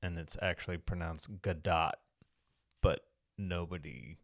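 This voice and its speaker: A man's voice: low voice, moderate pace, gravelly, no echo. A man co-hosting a movie podcast in casual chat, dry and probing. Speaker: podcast co-host.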